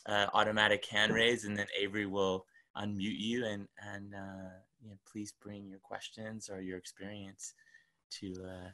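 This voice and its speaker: A man co-hosting a group session over a video call, speaking softly and haltingly with many repeated words. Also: fairly low pitch, level tone. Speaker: co-host and facilitator. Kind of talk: reflective conversation on a video call.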